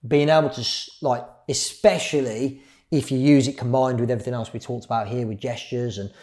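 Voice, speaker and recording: A middle-aged man giving a public speaking workshop, shifting his pace and volume and pausing for effect. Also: mid-range voice, steady tone. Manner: varies speed and loudness, pauses for effect. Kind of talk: live workshop talk.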